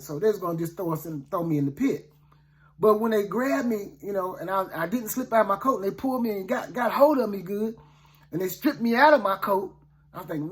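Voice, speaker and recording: A man's voice: high-pitched, moderate pace. A man, a preacher telling a Bible story casually in the first person, in a folksy, conversational way with many asides to the listener. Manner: folksy, conversational, often asks "you know what I'm saying".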